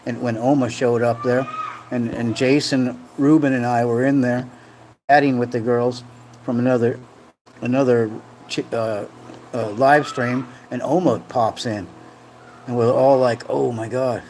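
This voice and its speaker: Brief: casual male livestream host, mid-pitched, jokey and rambling, faint background hiss. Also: steady tone, unhurried, darkish tone. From Rhode Island. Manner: rambling, jokey, reads chat comments aloud. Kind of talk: casual live-stream chat. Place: home room in the Philippines.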